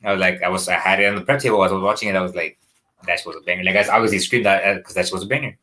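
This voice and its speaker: Fast bright-voiced man chatting. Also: sits low, fairly even intonation. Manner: fast, full of restarts and "you know". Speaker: podcast co-host. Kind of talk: casual chat.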